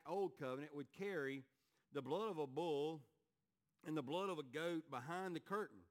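A male pastor preaching a sermon in a church to his congregation, earnest, rising to emphatic peaks and sinking low and quiet.

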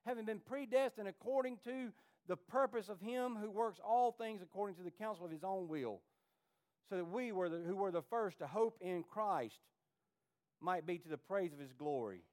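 The pastor of a church delivers a sermon in a high voice at a moderate pace. He pleads with passion, his delivery moving from hushed to rising.

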